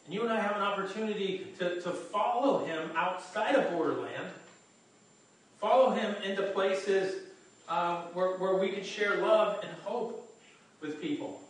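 A male pastor preaching a sermon to his congregation in an animated way, often repeating words as he restarts. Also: high voice, a little slow, pauses often. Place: church hall. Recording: echoey hall from far off, faint noise.

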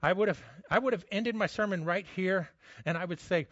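A man preaching with a fairly high voice, telling a scripture story with lively energy. He drops to a hush for the quiet moments. The sound is dry and a little dull. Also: fairly quick, no room sound. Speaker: pastor. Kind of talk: sermon.

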